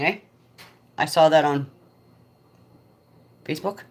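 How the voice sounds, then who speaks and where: Chatty, excitable woman on a phone livestream. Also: low voice, slow, pauses often. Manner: chatty, excitable, talks to viewers by name. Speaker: livestream host chatting with viewers. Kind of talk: casual live chat. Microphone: phone propped up in front of her.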